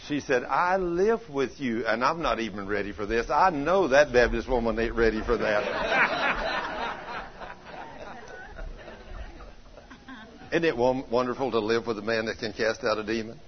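A man's voice: medium pitch, big pitch swings, slow, pauses often, background noise. A man, preaching and telling a story, acting out each person's words in folksy talk. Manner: folksy, plays out dialogue in changing voices. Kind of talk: sermon storytelling. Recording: dull lo-fi recording.

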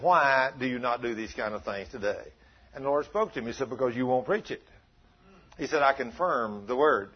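A man preaching a storytelling sermon, swinging from loud animated bursts to hushed retelling. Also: mid-range voice, husky, highs cut off.

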